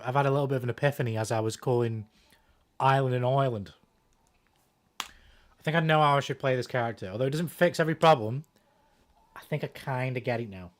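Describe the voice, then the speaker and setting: A man streaming a fighting game, swearing casually and thinking out loud about his strategy. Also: mid-range voice. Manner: profane, thinks out loud, self-deprecating. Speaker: gaming streamer. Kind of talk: casual commentary while playing a fighting game.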